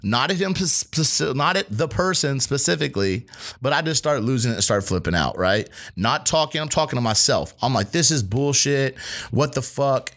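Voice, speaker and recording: A man's voice: mid-range voice, brisk. A man co-hosting a podcast, telling a work story in casual, profane chat and acting out the people in it. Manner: animated, profane, acts out quoted voices. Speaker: podcast co-host; restaurant line cook.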